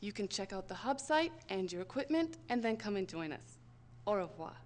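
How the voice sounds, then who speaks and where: A woman's voice: mid-range voice, sing-song, normal speed, darkish tone, natural voice. A woman voicing a cheerful female medical officer in a space video game, upbeat and welcoming.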